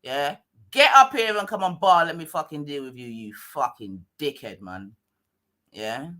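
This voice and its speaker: A woman's voice: sits low, expressive, unhurried, sharp tone. A woman with a London accent hosting a live stream, mocking and swearing at a caller in a heated argument.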